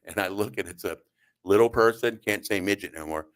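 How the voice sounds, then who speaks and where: A middle-aged man hosting a talk radio show, telling comic stories in a rambling, halting way and acting out the quotes. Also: lowish voice. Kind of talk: comedic storytelling on talk radio. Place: radio studio.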